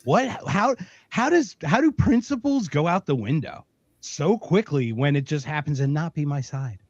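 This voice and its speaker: A man's voice: a little high, animated, normal speed, no room sound. A man hosting a podcast in casual chat, joking and playful. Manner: joking, playful, fond of doing voices. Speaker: podcast host. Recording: dull, dry recording.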